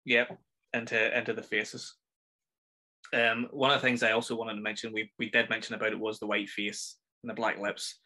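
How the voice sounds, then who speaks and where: A Northern Irish man hosts a casual film review podcast, rambling through his thoughts in a chatty, enthusiastic way. His voice is lowish, bright, and forceful, though his delivery is flat and his pace normal.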